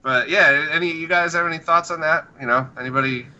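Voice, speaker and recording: A man's voice: on the high side, fairly quick, pushed and bright, lo-fi sound, a little hiss or hum. A man hosting a podcast in casual chat, laughing often and swearing casually. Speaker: podcast host.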